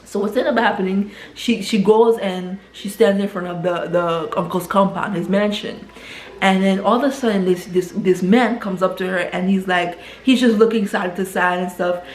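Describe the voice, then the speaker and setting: A woman casually retelling a film plot. She keeps adding "right?" and repeats words as she rushes ahead. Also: medium pitch, fairly even intonation, a little hiss or hum. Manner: tags nearly every sentence with "right?". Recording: roomy echo.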